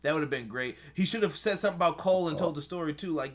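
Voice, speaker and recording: A man's voice: fairly high pitch, rapid-fire, few pauses. A man hosting a casual wrestling review chat, blunt and profane, reading out viewer comments as he goes. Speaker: podcast host.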